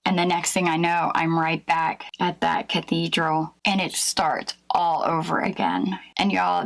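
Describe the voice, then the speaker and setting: A woman recounting a near-death experience as personal testimony, in a halting and emotional way with many pauses and fillers. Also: lowish voice, vocal fry, poor audio.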